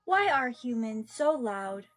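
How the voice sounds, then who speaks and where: A woman voicing a curious young female AI robot who asks flat, literal questions. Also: fairly high pitch, takes it slowly, dry recording, exaggerated voice. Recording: faint background music.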